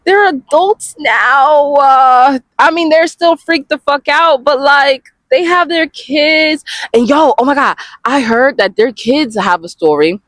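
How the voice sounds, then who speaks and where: Expressive woman chatting, dry close sound. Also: high-pitched, unhurried, no echo. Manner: expressive, swears freely, addresses viewers as y'all. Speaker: webcomic reviewer. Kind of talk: casual reaction review.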